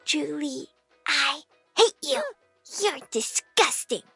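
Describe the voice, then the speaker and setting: A woman voicing a spiteful, creepy little girl who speaks slowly and taunts. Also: high voice, animated, vocal fry, bright, forceful tone, dry recording, faint music behind, heavily acted. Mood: sly.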